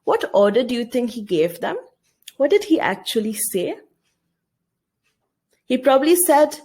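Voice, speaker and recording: A woman's voice: on the high side, big pitch swings, unhurried, long pauses, darkish tone, slightly rough. A woman teacher giving a recorded video lesson, reading a story aloud and explaining it, often asking her students questions.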